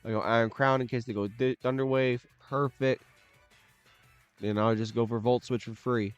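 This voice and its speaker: Soft background music runs under dull audio as a young man mutters a casual play-by-play of his own competitive match. His mid-range voice is clear and resonant, with a steady tone and moderate pace. Occasionally he erupts into loud, frustrated shouts.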